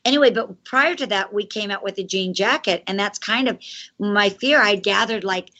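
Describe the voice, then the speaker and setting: A woman's voice: medium pitch, moderate pace, pushed and bright, muffled recording. A woman who founded a clothing company, a guest on a radio interview, telling a story with many restarts and acted-out quotes.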